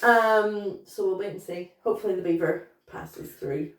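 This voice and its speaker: A woman's voice: medium pitch, normal speed. A woman, co-hosting a tipsy casual chat, giggly and rambling, swearing as she tells stories. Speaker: podcast co-host. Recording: echoey room, distant mic.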